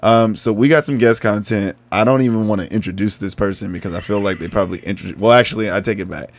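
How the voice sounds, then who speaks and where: A man's voice: lowish voice, quick pace. A man hosting a podcast in casual chat, laughing often as he steers the show from one segment to the next. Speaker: podcast host.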